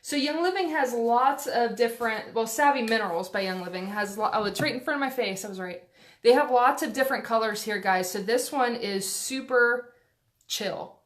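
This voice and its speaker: Recorded at home on a phone camera, a woman with a fairly high voice chats her way through a relaxed makeup tutorial. She speaks at a normal speed, rambling, using plenty of fillers and poking fun at herself.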